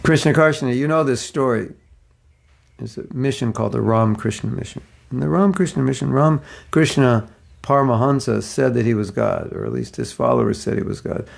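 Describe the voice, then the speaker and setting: A man's voice: medium pitch, lively intonation, a little fast, gravelly. A man in his sixties giving a casual religious class, telling anecdotes with frequent chuckles. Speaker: spiritual teacher.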